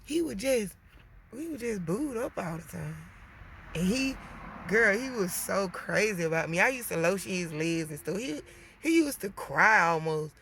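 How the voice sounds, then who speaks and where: A woman vlogger venting a storytime, animated and swearing, talking straight to her viewers. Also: mid-range voice, moderate pace, a little hiss or hum. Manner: animated, swearing, addresses viewers as girl and y'all.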